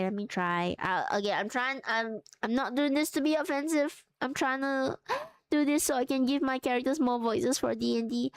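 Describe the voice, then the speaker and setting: A woman's voice: high-pitched, steady tone, normal speed, clear, resonant tone, faint music behind. A woman streamer chatting casually and giggling often, with lots of fillers, while sewing on a livestream.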